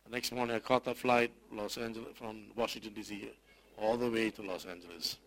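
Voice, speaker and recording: A man who is a pastor, telling a personal story in a sermon, emotional and halting, often repeating words. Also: on the low side, fairly even intonation, fairly bright tone, rough recording. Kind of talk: sermon testimony.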